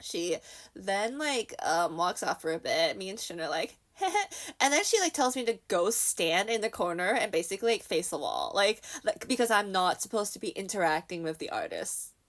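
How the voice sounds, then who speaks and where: Young woman, casual storytime vlog, very lively pitch, self-deprecating, animated. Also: moderate pace. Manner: animated, self-deprecating, acts out quotes with laughs. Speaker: vlogger.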